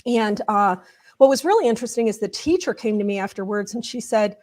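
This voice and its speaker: A woman culture change consultant, interviewed as a guest, narrates a conversation step by step in an animated, brisk manner, her mid-range voice carrying a darkish tone.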